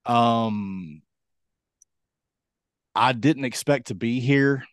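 A man co-hosting a podcast, talking through his picks in a rambling, halting way with lots of ums. His voice is a touch hoarse, and the sound is close and dry with no room around it. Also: medium pitch, no room sound. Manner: rambling, hesitant with many ums. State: voice going hoarse. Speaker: podcast co-host. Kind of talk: casual sports chat.

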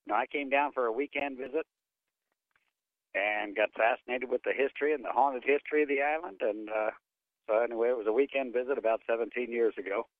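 A man from Philadelphia on a phone-in, relaxed and rambling, filling gaps with little pauses. The voice is dry and squeezed into a thin telephone band. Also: medium pitch, no room sound. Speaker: guest, ghost tour guide. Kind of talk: phone-in interview. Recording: tinny phone line.

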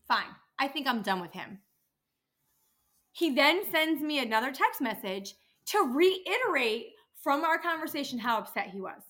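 Bright-voiced woman venting on her podcast. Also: high-pitched. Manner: exasperated, venting, swears freely. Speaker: podcast host, dental office worker. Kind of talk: casual solo podcast rant.

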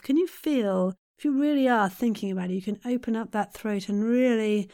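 A woman coaching voice actors, guiding warm-up exercises and tongue twisters in a playful, encouraging way. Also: a little high, moderate pace, few pauses, dry recording, studio quality. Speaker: voice acting coach. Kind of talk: guided vocal warm-up.

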